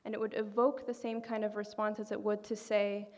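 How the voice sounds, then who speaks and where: A woman gives an earnest, emphatic speech to a banquet audience, her voice at an ordinary pitch. The sound rings with the long reverb of a large hall. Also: flat delivery, a little fast, a little mellow. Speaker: banquet speaker. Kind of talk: public speech.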